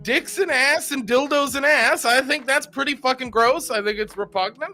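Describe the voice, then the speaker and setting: A man co-hosting a casual podcast, talking in a profane, emphatic and animated way. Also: very high-pitched, normal speed, faint music behind. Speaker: podcast co-host. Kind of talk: casual crude banter.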